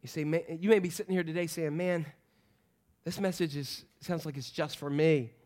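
High-voiced animated male preacher. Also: normal speed. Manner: animated preaching, swings from loud to hushed. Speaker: pastor. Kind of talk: sermon.

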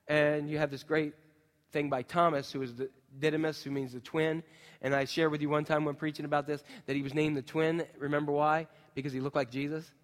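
High-voiced preacher in a reverberant hall. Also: male voice, fairly bright tone. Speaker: pastor. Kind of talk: sermon.

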